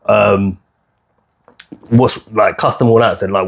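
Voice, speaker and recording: A man's voice: lowish voice, steady tone, takes it slowly, creaky, a little hiss or hum. A man hosting a podcast, speaking in a heated, preachy way and repeating his points. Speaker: podcast host. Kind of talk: casual opinionated podcast chat.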